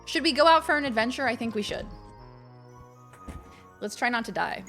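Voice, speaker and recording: A young woman streams a game and talks with her chat in a loose, casual way. Her voice sits a little high for a woman, and it turns bubbly and gushing when she greets viewers. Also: animated, normal speed, a bit bright, faint music behind.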